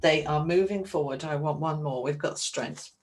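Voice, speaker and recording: A woman giving a chatty, excitable tarot reading to camera, calling her viewers darlings. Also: deep voice, moderate pace, a little hiss or hum. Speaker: tarot reader.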